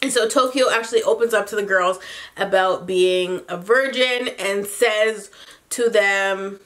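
A woman recapping a reality TV episode in casual, animated vlog talk, gossipy and profane, laughing often. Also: mid-range voice, unhurried. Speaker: TV recap vlogger.

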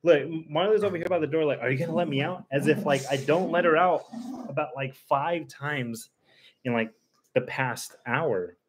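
A man's voice: moderate pace, background noise. A man hosting a casual live stream, chatting and laughing often with friends. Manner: laughing often, coaxing pets in a high voice.

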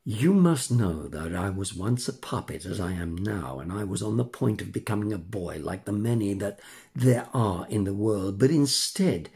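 A man's voice: on the low side, gravelly, darkish tone. An older man voicing a cheeky, playful wooden puppet boy in a storybook reading, with a mischievous sing-song manner.

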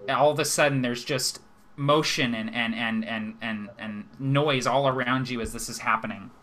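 A man's voice: medium pitch, steady tone, moderate pace, pushed and bright. A young man running a tabletop game as game master, narrating scenes descriptively and stumbling over fillers and repeated words.

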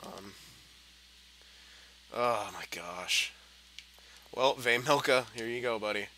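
Young guy doing game commentary, sharp bright voice, cussing and grumbling, yells at the screen. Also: mid-range voice, slow, a little hiss or hum. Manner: frustrated, swearing, muttering then yelling at the game. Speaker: gaming commentator. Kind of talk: gameplay commentary.

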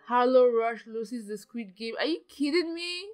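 A young woman giving dramatic, excitable commentary while playing a life-simulation game, often gasping and exclaiming. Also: a little high, unhurried, few pauses, faint music behind. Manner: dramatic, gasps and exclaims, ends points with "okay?". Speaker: gaming YouTuber.

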